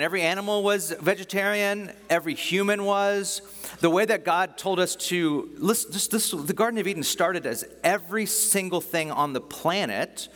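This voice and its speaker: A male pastor preaching a sermon in a conversational way, joking with the congregation and slowing down to read scripture. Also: on the high side, fairly bright tone. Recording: long reverb of a large hall.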